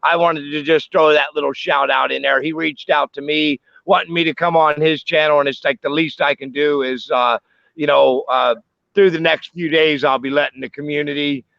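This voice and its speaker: A man guesting on a live stream, rambling through a shout-out with lots of fillers. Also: on the high side, steady tone, normal speed, creaky, no room sound. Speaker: stream guest, fellow YouTuber. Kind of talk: casual live-stream chat. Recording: muffled web-call audio.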